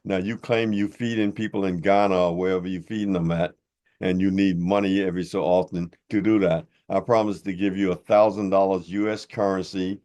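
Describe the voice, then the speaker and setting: Older male commentator with a very deep voice, preacher-like, mocking and blunt in a heated rebuttal. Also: level tone, brisk, darkish tone. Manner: blunt and informal. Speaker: religious commentator.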